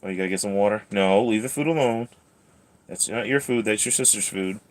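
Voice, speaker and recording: A man's voice: fairly low pitch, fairly quick. A man hosting a casual livestream from home, chatting and teasing while he talks to his cat and clips its nails. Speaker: channel host.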